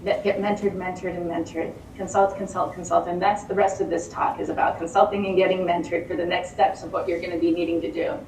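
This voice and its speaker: A middle-aged woman giving an animated, conversational talk to a live audience, often repeating words and asking rhetorical questions. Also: on the low side, quick pace, few pauses. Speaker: lecturer speaking to a live audience. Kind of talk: conversational presentation. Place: meeting room with an audience. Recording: roomy hall, distant mic, faint room noise.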